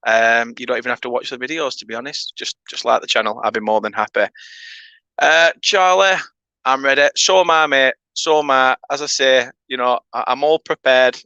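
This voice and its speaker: A man's voice: mid-range voice, bright, forceful tone, dry recording, rough recording. Chatty English man hosting a livestream. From England. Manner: chatty, reads out viewer comments. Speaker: livestream host. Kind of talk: casual live watchalong chat.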